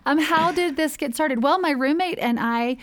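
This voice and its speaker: A woman's voice: sits high, moderate pace. A woman, founder of a charity, telling her story in a casual interview, chatty and rambling with fillers and restarts. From United States.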